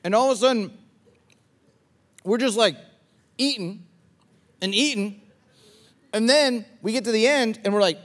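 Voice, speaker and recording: A man's voice: high-pitched, a little slow, pauses often, fairly bright tone. A man preaching a sermon in a conversational way, repeating phrases and acting out quoted inner thoughts. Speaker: pastor.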